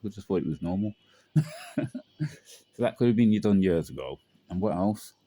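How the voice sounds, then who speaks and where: Young man, deep and very dark, rambling slangy storyteller. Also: animated, normal speed. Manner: rambling, slangy, many fillers. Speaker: vlogger. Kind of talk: casual personal storytelling.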